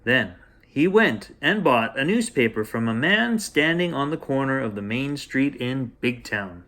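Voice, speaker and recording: Male host reading a children's bedtime story, playful and gentle, animated intonation. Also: medium pitch, a little slow. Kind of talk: bedtime story read aloud.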